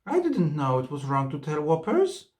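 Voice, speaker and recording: Man doing a blunt little boy voice, high. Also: wildly swooping pitch, moderate pace, a little mellow. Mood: pleading. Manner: frank, pleading, sobbing. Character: small mischievous boy, blunt and tearful.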